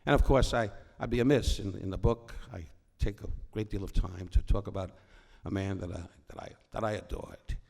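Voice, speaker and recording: An older man with a low, gravelly voice, telling stories from a stage. He rambles and wisecracks, breaking off mid-sentence to start over. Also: fairly quick, hardly any pauses, darkish tone. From New York. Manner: rambling, self-interrupting, wisecracking. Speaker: comedian guest. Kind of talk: on-stage storytelling conversation. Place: stage before a live audience.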